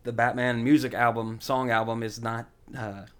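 A man's voice: medium pitch, little pitch movement, normal speed, a bit bright, clear, resonant tone. Chatty man rambling about movies. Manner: rambling, lots of fillers, enthusiastic. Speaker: podcast host. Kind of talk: casual film chat.

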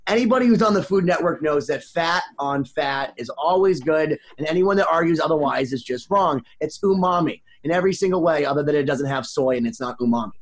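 High-voiced man ranting on a podcast. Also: brisk, few pauses. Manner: rambling, animated, heavy swearing. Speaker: podcast co-host. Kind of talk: casual chat.

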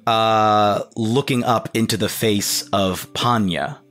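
Low, slow male game master; measured scene narration. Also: fairly even intonation, a bit bright, soft background music.

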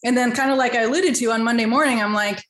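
A woman, a financial advisor, telling her story as a podcast guest, lively and acting out the voices of the people she quotes. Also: fast talker, roomy sound, rough recording. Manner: animated, acts out quotes in high voices. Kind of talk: casual storytelling interview.

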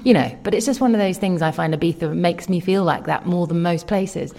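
A woman in relaxed conversation who rambles candidly with plenty of fillers. Her voice sits a little low. She sounds self-aware as she talks. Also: brisk, creaky. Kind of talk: casual chat.

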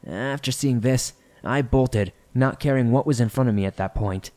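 A man reading listener-submitted horror stories aloud in a measured, somber narration. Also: mid-range voice, dark tone.

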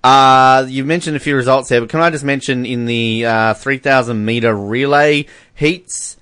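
A man's voice: mid-range voice, fairly even intonation, normal speed, fairly bright tone, smooth, no room sound. A man from Australia casually reading sports results on a podcast. He jokes, laughs often and stumbles over foreign names. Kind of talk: casual chat.

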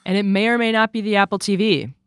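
Smooth-voiced, chatty tech podcast co-host. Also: mid-range voice, fast, no echo. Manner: lively and chatty, peppered with "like". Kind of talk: casual tech chat.

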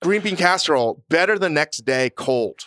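Smooth-voiced man, blunt and profane. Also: fairly high pitch, lively intonation, normal speed, fairly bright tone, no echo, clean studio sound. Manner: blunt, profane, self-mocking. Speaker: podcast co-host. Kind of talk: casual chat.

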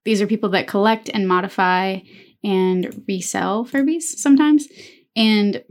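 This is a woman in her thirties co-hosting a casual podcast, chatty and quick to laugh. Her voice sits at a middle pitch for a woman, and her delivery is relaxed and conversational, with no special vocal color. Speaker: podcast co-host.

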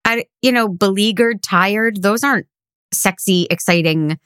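A woman's voice: medium pitch, a little slow, fairly bright tone, smooth, dry recording. A woman co-hosting a podcast in casual chat, speaking into a microphone with dry, sarcastic humor. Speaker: podcast co-host.

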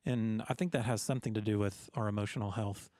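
A man's voice: lowish voice, steady tone, fast, a little mellow, dry recording, studio quality. A man hosting a podcast in casual chat, joking and often repeating words as he starts sentences. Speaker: podcast host.

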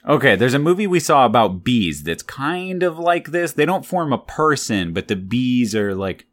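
Very low-pitched woman, curious interviewer asking questions in casual chat. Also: very animated, moderate pace. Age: adult. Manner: curious, probing follow-up questions. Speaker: parent interviewing a child.

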